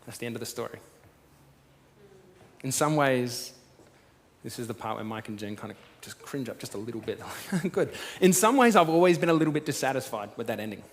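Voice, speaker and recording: A pastor giving a sermon as casual storytelling, swinging from loud to hushed. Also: male voice, mid-range voice, expressive, a little fast. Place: church auditorium. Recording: long hall reverb.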